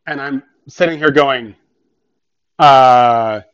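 A man's voice: on the high side, normal speed. A man who works as a tutor and teacher, telling a personal story in an earnest, rambling way and often repeating and restarting phrases. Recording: dull, muffled lo-fi sound.

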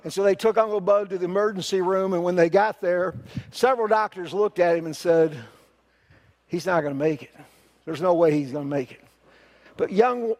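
Folksy male preacher, high gravelly voice, earnest storytelling sermon. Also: a little mellow. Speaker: pastor.

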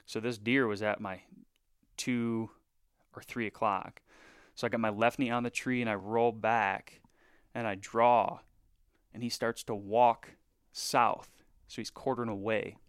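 Smooth-voiced man telling a hunting story. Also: on the low side, measured pace, long pauses, no echo, clean studio sound. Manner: animated, filler-heavy retelling with hushed asides. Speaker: bowhunter guest. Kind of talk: casual podcast storytelling.

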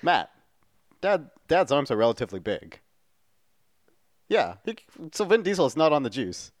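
A man's voice: medium pitch, big pitch swings, moderate pace, no room sound, clean studio sound. A man co-hosting a casual podcast, rambling through opinions and sometimes losing his train of thought. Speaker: podcast co-host. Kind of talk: casual chat.

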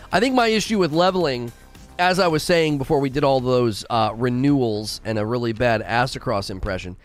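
Male stream host, lively pitch, rambling chat, faint background music. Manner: animated, rambling, repeats himself. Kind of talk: casual live-stream chat.

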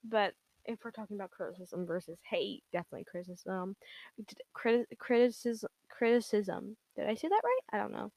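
A young woman talks alone into her podcast mic in a loose, wandering monologue. She giggles often and fills her sentences with "like" and "um." Her voice sits at an ordinary middle pitch, and the sound is close and dry with no room echo. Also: sing-song, a little fast, vocal fry, darkish tone. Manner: rambling and giggly, full of "like" and "um". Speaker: podcast host. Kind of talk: casual solo podcast monologue.

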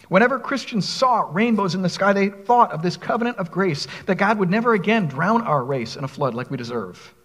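Male pastor, high and animated delivery, breathy tone, long reverb. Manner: expressive preaching, reads scripture aloud, asks the congregation questions. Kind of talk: sermon.

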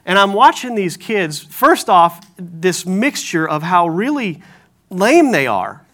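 A man preaching a sermon as pastor, telling animated stories with self-deprecating humor. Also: high voice, takes it slowly, slight background noise.

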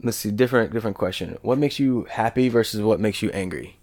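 Low-voiced man chatting at a quick pace. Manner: relaxed, affirming interviewer with filler words. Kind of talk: casual chat.

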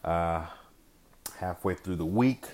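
A man's voice: low-pitched, takes it slowly, heavy background noise. A man hosting a podcast solo in a casual, rambling way, with loose slang and frequent swearing. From California. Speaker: podcast host.

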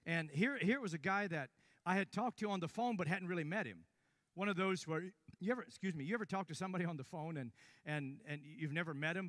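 Older man, preacher, storytelling sermon, quiet then sudden loud, slightly high voice. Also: no echo, clean studio sound. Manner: storytelling, swings from hushed to sudden loud bursts.

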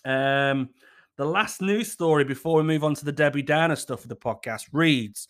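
A man in his thirties hosting a relaxed solo podcast. He talks in a cheeky, sweary, chatty way and often laughs at his own jokes. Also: on the high side, normal speed. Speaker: podcast host. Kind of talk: casual solo podcast chat. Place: at home in his kitchen.

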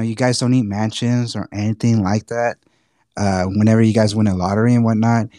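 A man's voice: on the low side, a little mellow, dry recording, clean studio sound. A man from Texas with a Texan accent, co-hosting a podcast in a laid-back, rambling way with lots of fillers. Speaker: podcast co-host. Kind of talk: casual chat.

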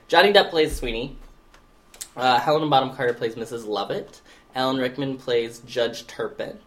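A man co-hosting a casual podcast, trading dry, deadpan sarcasm with his co-host. His voice sits at an ordinary middle pitch, and his talk is loose and chatty. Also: normal speed. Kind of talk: casual chat.

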